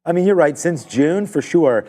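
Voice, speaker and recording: A man's voice: a little high, expressive, normal speed, mellow. A man hosting a live trading stream, talking through his trades in a loose, filler-heavy way. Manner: rambling, filler-heavy, thinking aloud. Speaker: live trading show host. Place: trading desk studio.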